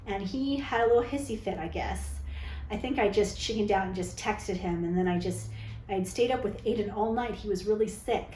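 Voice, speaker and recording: A woman's voice: medium pitch, dark tone, roomy sound, a little hiss or hum, poor audio. A woman vlogger telling a personal story to camera in a candid, dramatic, chatty way, often tagging her lines with "okay?". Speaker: vlogger telling dating stories.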